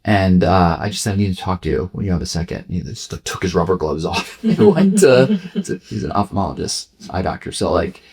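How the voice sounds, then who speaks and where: Podcast guest, man, 40s, low husky voice, blunt and candid storyteller who swears and voices quotes. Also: expressive, brisk, hardly any pauses, a little mellow. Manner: frank, swears freely, acts out quoted dialogue.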